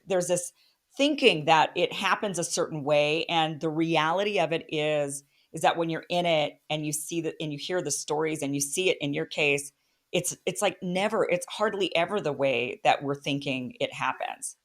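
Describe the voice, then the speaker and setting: A woman host with a fairly low voice talks earnestly and reflectively, thinking as she speaks. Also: normal speed. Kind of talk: casual interview.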